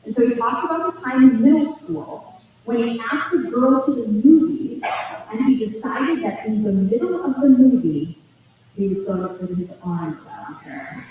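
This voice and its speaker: Lady talking college essays in a big echoey hall, kinda high voice, mic far off. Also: normal speed, slight background noise. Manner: chatty, animated storytelling with asides. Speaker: college admissions speaker. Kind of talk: informal presentation to parents and students. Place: school auditorium.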